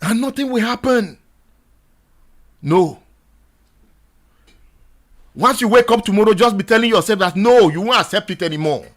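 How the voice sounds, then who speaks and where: A Nigerian man hosting a radio talk show, exhorting his listeners in a repetitive, impassioned monologue that rises to shouts. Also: sits high. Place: radio studio.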